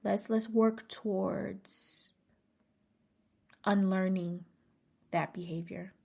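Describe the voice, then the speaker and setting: A woman's voice: medium pitch, fairly even intonation, very slow, vocal fry, dark tone. A woman hosting her own podcast in a casual motivational monologue, emphatic and repeating key phrases, sometimes dropping to a near-whisper. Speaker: podcast host.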